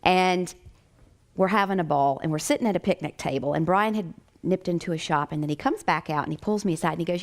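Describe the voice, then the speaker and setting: An American woman, a chiropractic doctor, telling a personal story in a lively way with frequent laughter. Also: fairly low pitch, fast.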